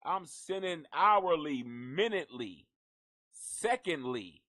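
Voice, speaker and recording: Bright-voiced profane live-stream host. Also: male voice, a little high, lively intonation, slow pace. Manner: profane, rambling, jokey, talks to an unseen donkey. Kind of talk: casual live-stream sign-off rant.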